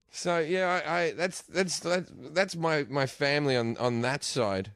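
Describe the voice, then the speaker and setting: Australian man, comedian, high lively voice, dry close sound. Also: takes it slowly, long pauses, no echo. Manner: crude, animated storytelling with lots of swearing. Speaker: comedian guest. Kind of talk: casual podcast chat.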